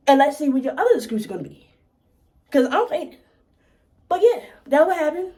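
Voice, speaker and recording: A woman vlogger telling a workplace story in a blunt, profane, animated way. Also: sits high, a little fast, pauses often. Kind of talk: casual storytime.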